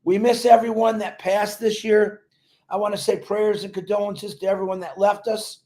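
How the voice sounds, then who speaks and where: Fervent high-voiced man preaching on a livestream. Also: flat delivery, moderate pace, dark tone. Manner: fervent and preachy, repeating words for emphasis. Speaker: company leader on a livestream. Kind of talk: motivational livestream speech.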